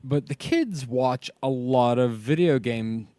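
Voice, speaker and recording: A man's voice: mid-range voice, slow pace, dark tone, clean tone, no room sound. Ohio dad on a podcast, swears a lot, laughs thru his stories, dry close mic. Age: parent of young kids. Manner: profane, storytelling, laughs often. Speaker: podcast co-host. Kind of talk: casual chat.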